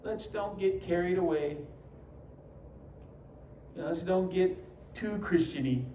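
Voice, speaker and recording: Telling stories with humorous asides and acting out quoted voices, a New York man preaches as pastor in a church sanctuary. His voice sits high and warm, and his pace is a little slow. Slight background noise and faint ambience come through the distant mic in the echoey hall.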